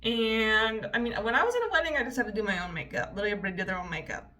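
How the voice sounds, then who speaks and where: Bright-voiced chatty young woman vlogger. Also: on the high side, animated, very fast. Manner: chatty, profane, storytelling. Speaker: beauty vlogger. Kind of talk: casual chat while doing makeup. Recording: voice a bit distant from the mic.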